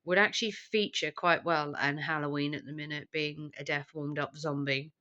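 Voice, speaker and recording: A young woman with a low voice talks to camera while she is sick with the flu. She sounds tired and drained, and she rambles with lots of ums. Her illness wears on her voice throughout. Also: steady tone, normal speed, pushed and bright, dull audio. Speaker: vlogger. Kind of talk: casual catch-up vlog.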